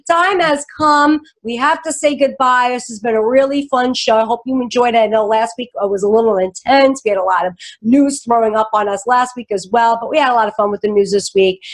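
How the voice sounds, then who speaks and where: A woman with a New York accent hosting a casual panel chat, chatty and self-mocking, often laughing. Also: a little high. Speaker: host.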